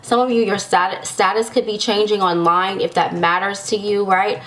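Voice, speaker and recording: A woman's voice: medium pitch, fairly even intonation, normal speed, fairly bright tone. A woman giving a casual tarot reading to viewers, chatty and giggly, often checking in with the listener. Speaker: tarot reader.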